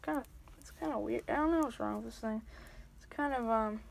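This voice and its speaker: Rambling woman with a gravelly voice. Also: fairly high pitch, fairly quick. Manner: rambling, hesitant, many fillers. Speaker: scale model hobbyist. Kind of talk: casual workbench tour. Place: home workbench. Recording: noisy home recording.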